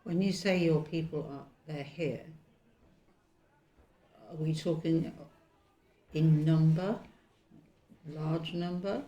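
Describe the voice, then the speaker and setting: A man's voice: on the high side, steady tone, slow pace, long pauses, mellow, echoey room. A man playing a tabletop game with brief interjections and questions. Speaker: player. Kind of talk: casual tabletop game play.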